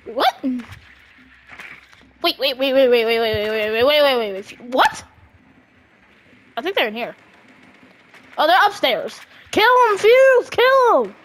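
A young woman chatting casually while playing a video game, excitable and often yelling at teammates. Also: on the high side, slow pace, pauses often. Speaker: gamer streamer.

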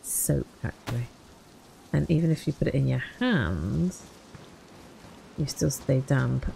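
A woman's voice: extremely low pitch, lively intonation, unhurried, creaky, warm tone, a little hiss or hum. A young woman commenting wryly to herself as she plays a survival game for her channel. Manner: chatty, wry self-talk while playing. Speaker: gaming channel host. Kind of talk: casual gameplay commentary.

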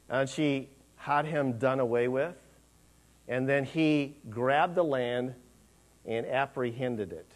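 A man's voice: mid-range voice, slow pace. Chatty, rambling man preaching. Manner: conversational, rambling preaching with fillers and restarts. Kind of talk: sermon.

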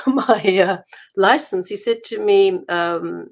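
A woman's voice: mid-range voice, slow pace, gravelly. Chatty woman from South Africa. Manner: chatty, many restarts and laughs while telling anecdotes. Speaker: author being interviewed. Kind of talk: casual interview over a call.

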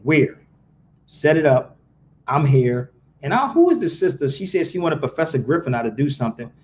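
A man, his voice pitched a little high, ranting to a live audience. He swears freely and keeps asking his viewers questions. A faint hiss of background noise sits behind him. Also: normal speed. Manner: animated, profane, rhetorical questions to viewers. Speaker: podcast host. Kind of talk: casual live-stream rant.

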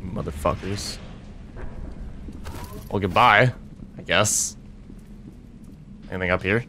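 A man's voice: low-pitched, takes it slowly, vocal fry, pushed and bright, slight background noise. Young brit guy lets-play commentary, sarcastic, swears constantly, lots of angry yelps. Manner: sarcastic, swears a lot, frustrated outbursts. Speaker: let's play gamer. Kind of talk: casual game commentary.

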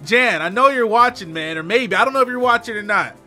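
A young man commentating a video game he is playing, profane and trash-talking, yelling insults at the characters. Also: high voice, expressive, fairly quick, faint music behind. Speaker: let's play host. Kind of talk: gaming commentary.

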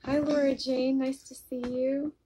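A woman hosting a casual live stream on her vlog, greeting viewers by name and reading their comments aloud, speaking softly and apologetically about her mood disorder into a phone or webcam mic. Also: high voice, flat delivery, unhurried, a little hiss or hum, low-quality recording.

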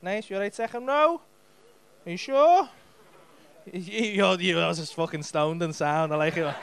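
A man's voice: high voice, expressive, normal speed, a bit bright, clear, resonant tone. A man in his thirties with a Liverpool accent, doing cheeky, sweary crowd work as a stand-up comedian on a club stage. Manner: cheeky, sweary banter with the audience.

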